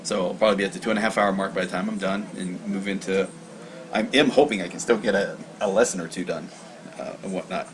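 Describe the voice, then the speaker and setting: A man's voice: deep voice, fairly even intonation, quick pace, a crowd in the background, poor audio. A man hosting a casual livestream study lesson, reading aloud and explaining in a rambling, self-correcting way.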